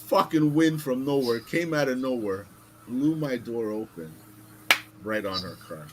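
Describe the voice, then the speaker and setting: Podcast host, male, casual and animated, swears freely, faint hiss on the track. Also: medium pitch, unhurried. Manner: animated, swearing, acts out voices in stories. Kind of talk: casual storytelling chat.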